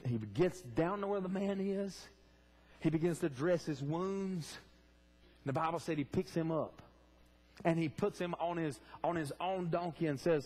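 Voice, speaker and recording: Pastor preaching, fairly high voice. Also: male voice, darkish tone. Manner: fervent preaching, asks the congregation direct questions. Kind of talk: sermon. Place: church sanctuary.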